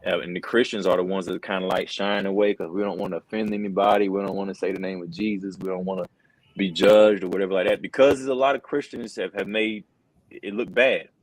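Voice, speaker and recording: A middle-aged man speaks in a very low, deep voice, recounting a personal story with earnest conviction. His talk is loose and conversational, scattered with "bro" and "man." The sound is dry and close, like a podcast microphone. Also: fairly even intonation, quick pace, no room sound, poor audio. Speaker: wrestling commentator. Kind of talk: casual interview conversation.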